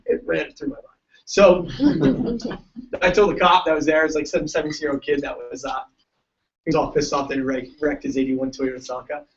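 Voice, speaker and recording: A man's voice: on the high side, moderate pace, far from the mic, dull audio. A man giving a joking, story-filled motivational talk to students at a large event. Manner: joking, tells stories, laughs often. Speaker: keynote speaker.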